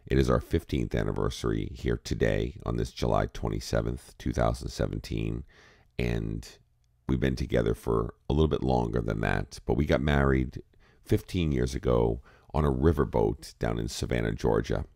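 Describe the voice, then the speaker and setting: A man's voice: very deep voice, fairly even intonation, normal speed, creaky, a little mellow, no room sound, studio quality. A man from New England hosting a casual morning podcast chat, groggy with his morning voice, rambling and heartfelt. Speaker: podcast host.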